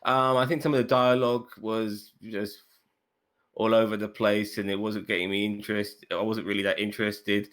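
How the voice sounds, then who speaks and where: A man's voice: on the low side, level tone, normal speed, a bit bright. A man co-hosting a casual reaction chat, blunt and sweary with mocking asides. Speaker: co-host.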